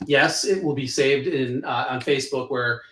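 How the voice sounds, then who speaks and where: A man moderating a livestream, reading out viewer comments and questions with frequent pauses and ums. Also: mid-range voice, sharp tone, echoey room, a little hiss or hum. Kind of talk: casual livestream chat.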